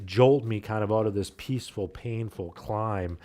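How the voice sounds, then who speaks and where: Pastor telling a family story. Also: male voice, lowish voice, steady tone, measured pace, dark tone. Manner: conversational, repeats words when restarting. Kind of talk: sermon storytelling. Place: church.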